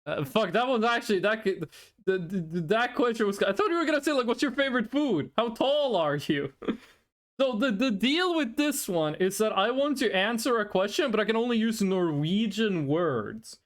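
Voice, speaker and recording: A streamer in a casual live-stream chat, rambling and excitable and often repeating words. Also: medium pitch, moderate pace.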